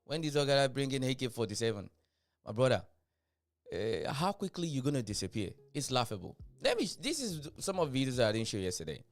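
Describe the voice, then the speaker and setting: A man's voice: medium pitch, brisk, faint music behind. A man hosting a reaction video, talking casually and laughing in disbelief at clips. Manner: animated, laughing, incredulous.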